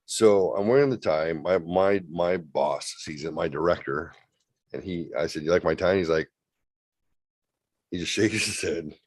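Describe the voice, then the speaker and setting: A man's voice: sits low, normal speed, a little mellow, dry recording. A man co-hosting a comedy show over a remote call, telling a bawdy story and acting out the other people's lines with playful relish. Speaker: co-host. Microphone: remote video call.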